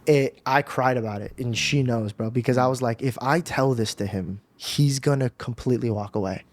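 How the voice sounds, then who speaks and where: A man's voice: medium pitch, moderate pace. A young man telling an emotional personal testimony on a podcast, talking casually with slang. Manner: casual, animated storytelling with slang. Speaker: podcast guest.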